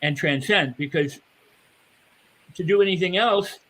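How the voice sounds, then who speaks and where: An older man speaking as a mindset coach on a panel, animated and acting out the inner voices of his listeners. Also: sits high, unhurried, low-quality recording. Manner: animated, acts out inner voices, repeats words. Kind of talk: motivational panel talk.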